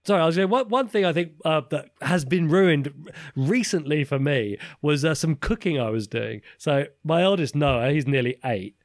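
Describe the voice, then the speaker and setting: A man's voice: a little high, lively intonation, moderate pace, dry recording, clean studio sound. A British man in his thirties co-hosting a podcast, chatting casually and laughing often at his own jokes. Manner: laughs often, self-deprecating. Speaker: podcast co-host. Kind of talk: casual chat.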